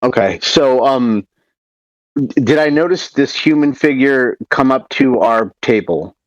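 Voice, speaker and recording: A man's voice: medium pitch, animated, measured pace, no room sound, muffled recording. A man taking part as a player in a casual tabletop role-playing game, talking in an easygoing way.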